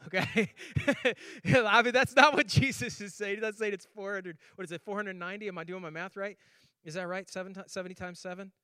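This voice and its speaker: A male pastor giving a sermon in a bright, high voice. He tells stories with lively, acted-out voices and laughs as he talks. The sound is dry and close. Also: fairly quick, clear, resonant tone, no echo.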